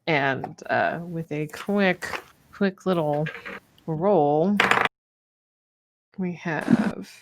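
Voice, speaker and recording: A woman's voice: sits low, very slow, pauses often, noisy background. A woman narrating a tabletop game as game master, casual and hesitant with many fillers.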